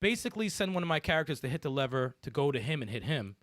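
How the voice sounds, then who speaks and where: Podcast co-host, man, excitable storyteller, bright lively voice, dry close sound. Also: a little high, very fast, no room sound. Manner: animated, laughing, swearing, acts out game voices. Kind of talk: casual chat.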